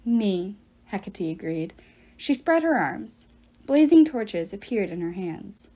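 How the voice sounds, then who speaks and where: A woman narrating a novel aloud with steady, expressive narration. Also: medium pitch, measured pace. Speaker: audiobook reader.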